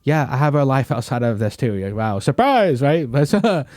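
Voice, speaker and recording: A man's voice: medium pitch, lively intonation, moderate pace, darkish tone, no echo. Slangy rambling young man, dry sound. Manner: slangy, rambling, lots of bro and you know what I mean. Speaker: podcast host. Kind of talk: casual chat.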